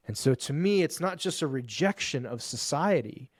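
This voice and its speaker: A man's voice: fairly high pitch, expressive, no echo, clean studio sound. Emphatic, salty-mouthed male storyteller. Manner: emphatic, profane, fast-building lists. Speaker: podcast guest, men's coach. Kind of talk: animated storytelling in conversation.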